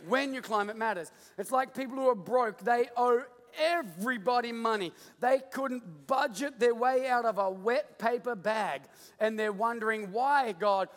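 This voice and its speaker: A man's voice: extremely high pitch, moderate pace, a bit bright. A middle-aged Australian man preaching a sermon, joking and telling stories, acting out voices. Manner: jokey storytelling, digressive, acts out voices. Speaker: pastor. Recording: long hall reverb.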